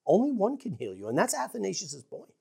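A woman preaching a sermon in an earnest, emphatic way, dropping to hushed asides for effect. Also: mid-range voice, wildly swooping pitch, a little fast, vocal fry, husky.

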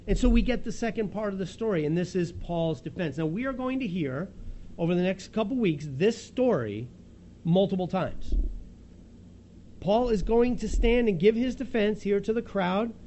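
A man with a fairly high voice delivers a sermon, telling the story with animated, chuckling energy. A faint hum sits under his voice. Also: moderate pace. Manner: lively storytelling, acts out the scene with chuckles. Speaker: pastor.

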